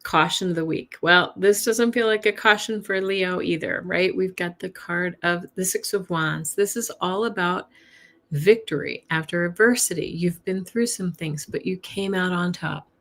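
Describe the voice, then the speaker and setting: A woman's voice: mid-range voice, fairly bright tone. Chatty woman giving a tarot reading. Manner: chatty, laughs often, greets viewers by name. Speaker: tarot reader. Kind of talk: live-streamed weekly tarot reading. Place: home with a cat nearby.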